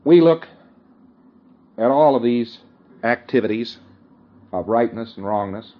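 Man, mid-pitched voice, casual lecturing, chuckles, keeps checking listeners follow, muffled lo-fi old tape. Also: expressive, a little slow. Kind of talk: conversational lecture.

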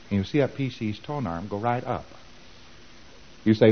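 A man's voice: lowish voice, moderate pace, pauses often, dull audio. A man giving an informal lecture, animatedly acting out both sides of the dialogues he describes.

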